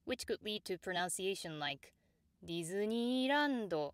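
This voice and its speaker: A woman teaching Japanese pronunciation, explaining pitch accent in a precise way and repeating each example word. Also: a bit bright, dry recording. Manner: measured and precise, models example words slowly and repeats them. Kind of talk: slow, clear instructional explanation.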